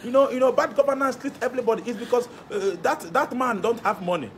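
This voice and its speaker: Comic lead: young Igbo-accented man, high-pitched and boastful, faint hiss behind. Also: fast. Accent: Nigerian Igbo. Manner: boastful, rambling, animated. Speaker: comedian. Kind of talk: comedy skit.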